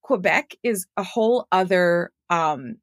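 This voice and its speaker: A woman's voice: on the low side, a little slow, dry recording, studio quality. A woman from Montreal who works in voice acting, a podcast guest chatting casually and self-deprecatingly on her laptop mic. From Montreal, Canada. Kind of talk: casual chat. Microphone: laptop built-in mic.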